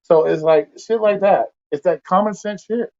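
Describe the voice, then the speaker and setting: A man's voice: high-pitched, moderate pace, dark tone, muffled recording. A man hosting a casual livestream, ranting bluntly with heavy profanity and exasperation. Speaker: livestream host.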